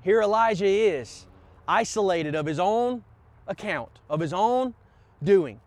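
Male pastor, fervent sermon delivery, high-pitched, dry close sound. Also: animated, unhurried, no room sound. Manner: impassioned preaching, repeated "come on" calls to the congregation.

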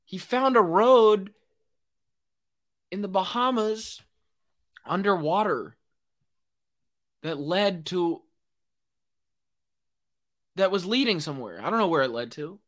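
Ranting, animated young man. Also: sits high, slow pace, long pauses. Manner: excitable, ranting, swears, lots of "like". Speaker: podcast host. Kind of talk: solo rambling podcast monologue.

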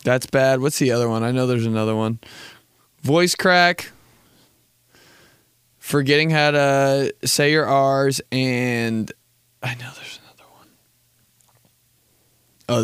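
A man's voice: medium pitch, measured pace, long pauses, clear, resonant tone, dry recording. A young man in his twenties hosting a podcast, joking and rambling in a laid-back, casual way and swearing often. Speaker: podcast host. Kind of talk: casual comedic monologue.

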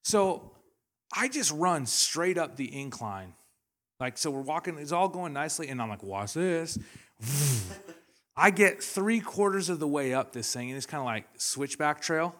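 A man's voice: on the high side, animated, a little slow, a bit bright. A young adult man from Canada preaching a sermon, telling stories animatedly with laughter and acted-out quotes. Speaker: pastor. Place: church hall.

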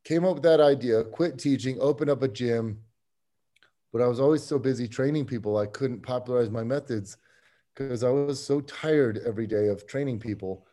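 Mellow-voiced man telling his story. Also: mid-range voice, normal speed. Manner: easygoing, rambling, chuckles often. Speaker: strength coach, podcast guest. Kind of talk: casual interview storytelling.

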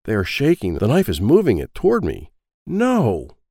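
A man's voice: fairly low pitch, huge pitch swings, normal speed, dark tone, no echo, studio quality, full character voice. A man reading a storybook in the first person as a small, timid seven-year-old boy who speaks in short, plain sentences. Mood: matter-of-fact. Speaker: audiobook reader.

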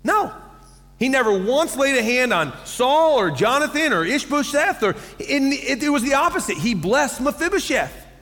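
A man in his thirties preaching a sermon as pastor, telling stories with lively acted-out quotes and laughter. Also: very high voice, moderate pace, in a large hall.

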